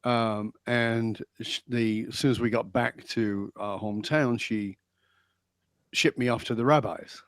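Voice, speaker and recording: A middle-aged Englishman, guesting on a podcast, tells his life story in a storytelling interview. He's animated and acts out lines he remembers, speaking at a medium pitch and an unhurried pace. The recording is dry.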